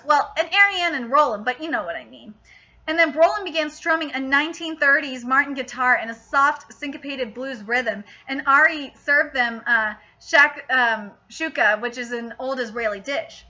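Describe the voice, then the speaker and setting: A woman vlogger recapping a novel in a casual, gushing and excitable way, with filler words. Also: high-pitched, normal speed. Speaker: book vlogger. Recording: dull lo-fi audio.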